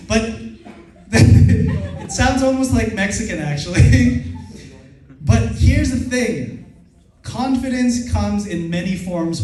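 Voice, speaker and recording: A man from the Philippines whose first language is Filipino, giving an energetic motivational seminar talk. He laughs often and leads the crowd in call-and-response. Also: high-pitched. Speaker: seminar speaker and trainer. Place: large event hall with a live audience. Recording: echoey hall, voice far from the mic.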